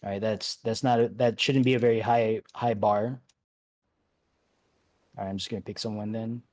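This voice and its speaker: A man leading an online game raid, giving relaxed instructions with many fillers and restarts. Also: lowish voice, normal speed. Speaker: raid leader. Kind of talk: casual instructions over voice chat.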